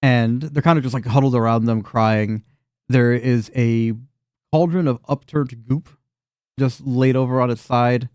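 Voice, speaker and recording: A man with a warm, smooth voice narrates a tabletop game as its game master, sketching scenes loosely and restarting his sentences often. He sounds close to the mic in a dry room. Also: medium pitch, steady tone, measured pace, no echo. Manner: loose, rambling description with frequent restarts and fillers.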